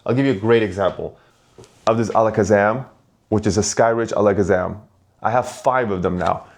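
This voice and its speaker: A man's voice: lowish voice, a little fast. A man who collects and sells Pokemon cards, giving loose, conversational advice to his viewers and often restarting his sentences. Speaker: Pokemon card collector and vendor. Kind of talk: casual advice to camera.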